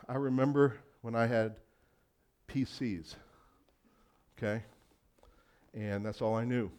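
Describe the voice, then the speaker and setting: A man preaches a sermon in a loose, conversational way, slipping into quoted voices and laughing along the way. His voice sits at an average pitch for a man. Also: takes it slowly, darkish tone. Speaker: pastor.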